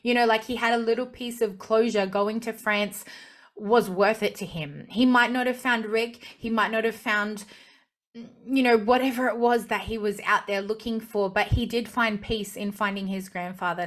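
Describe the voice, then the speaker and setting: A young woman with a slightly high voice talks through a show's finale in a casual vlog. She gushes like an excited fan, chatty and warm-hearted about what she watched. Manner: gushing, enthusiastic fan. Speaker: TV review vlogger. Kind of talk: casual TV review monologue.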